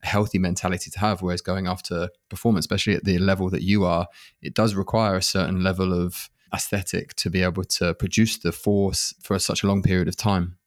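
A man in a casual interview, explaining a point in a measured way. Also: low-pitched, flat delivery, no room sound, studio quality.

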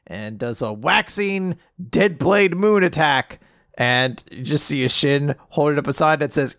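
A man in casual chat, retelling a story with lively asides, quick character voices and frequent laughter. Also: a little high, smooth, no room sound, clean studio sound. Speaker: podcast co-host recapping a manga chapter.

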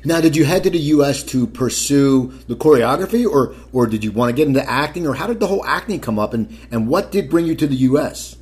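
A man's voice: medium pitch, animated, fast, few pauses, a little mellow, slightly rough. A man interviewing a guest, asking long, rambling questions. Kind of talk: casual interview.

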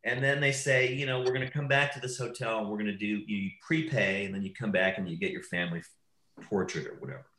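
A man's voice: on the low side, quick pace, reverberant, rough recording. A man, a documentary filmmaker, telling rambling anecdotes in casual conversation and often breaking off mid-sentence. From Wisconsin. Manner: rambling, self-interrupting, animated anecdotes.

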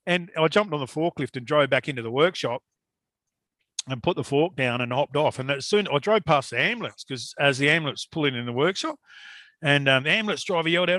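Man, casual storyteller, slightly high voice, dry close mic, salty and lively. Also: brisk, no room sound. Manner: swearing, animated storytelling with laughs. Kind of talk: casual chat.

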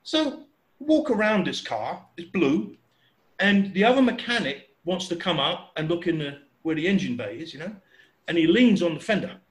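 Chatty man, high voice, roomy echo. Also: moderate pace. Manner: animated, chatty, acts out voices and sounds. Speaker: storyteller. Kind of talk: casual anecdote telling.

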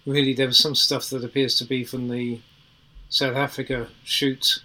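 A man in a casual podcast discussion, sharing views in a measured way with plenty of ums. His tone is bright and forward. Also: mid-range voice, flat delivery, low-quality recording. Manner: thoughtful, qualifying opinions with fillers. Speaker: podcast panelist.

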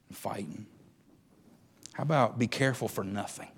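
A male preacher delivers a sermon with a very lively, animated pitch. He drops to soft, hushed prayer and then climbs to shouted, drawn-out exclamations. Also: creaky.

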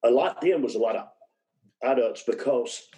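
A man's voice: medium pitch, normal speed, warm tone, poor audio. An older man, a retired wrestler, telling rambling road stories in a casual interview and chuckling as he goes. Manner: rambling anecdotes, chuckles mid-sentence.

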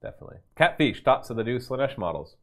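A man hosting a casual stream, answering viewer questions in an animated, chatty way and laughing easily. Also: medium pitch, fast talker. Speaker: host and game master of a gaming store stream.

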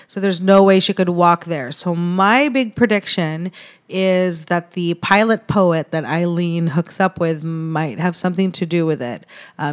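Casual podcast woman, reads stories out loud w/ snarky comments and giggles. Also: fairly low pitch. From immigrant to the United States. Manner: laughs often, reads news aloud with sarcastic asides. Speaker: podcast co-host.

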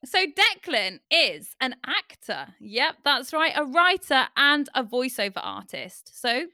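A woman's voice: high voice, big pitch swings, slow, bright, forceful tone, no echo, clean studio sound. A woman hosting a podcast in casual chat, bubbly and giggly, stretching out her greetings. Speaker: podcast host.

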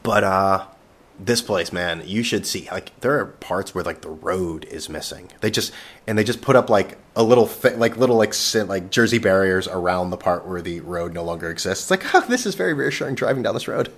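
A man's voice: sits low, normal speed. A man hosting a casual solo podcast, rambling sarcastically with plenty of swearing and jokey asides to an absent co-host. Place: vacation rental with no internet.

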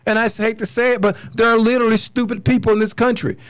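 A man's voice: extremely high pitch, steady tone, quick pace, clean tone, dry recording. An American man hosting a podcast, delivering a furious, blunt solo rant, swearing and repeating himself. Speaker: podcast host.

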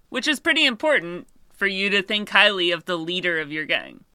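A woman's voice: mid-range voice, bright, forceful tone, no echo, studio quality. A woman hosting a true crime video, telling the story in a casual, chatty way with conversational asides.

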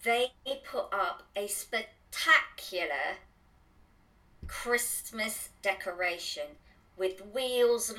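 A woman's voice: medium pitch, sharp tone, rough recording. A woman co-hosting a local podcast, chatty and gushing, laughing easily. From England. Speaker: co-host. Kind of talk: casual chat.

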